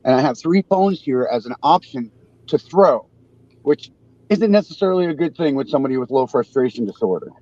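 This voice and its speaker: A man in his forties hosting a casual live panel, talking haltingly and poking fun at himself. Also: medium pitch, expressive, dark tone, dry recording, dull audio. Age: 40s. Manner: halting, self-deprecating, restarts often. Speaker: show host.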